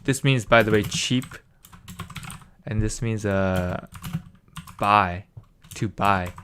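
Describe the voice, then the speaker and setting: Slow, bright-voiced man tutoring casually. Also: fairly low pitch, a little hiss or hum. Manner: patient, drills syllables by repeating them, many "like" fillers. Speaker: Korean language tutor.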